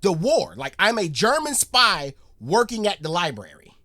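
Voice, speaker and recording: An excitable man from the United States reacts to a video, and his voice is bright and sharp. His pitch jumps all over the place as he keeps calling out to his viewers. The sound is dry and close, with no room echo. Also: normal speed. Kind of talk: casual reaction commentary.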